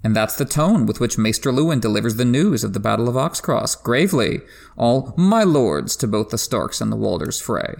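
A man hosting a book discussion podcast, giving enthusiastic literary analysis, pushing his pitch up sharply for emphasis and laughing now and then. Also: lively intonation, a little fast, gravelly. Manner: laughs while talking. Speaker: podcast host.

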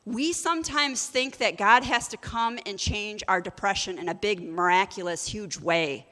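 A woman preaches a sermon, moving between scripture reading and relaxed, humorous asides. Her voice sits in a middle pitch. Long reverb from a large church hall trails every phrase. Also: normal speed. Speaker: pastor.

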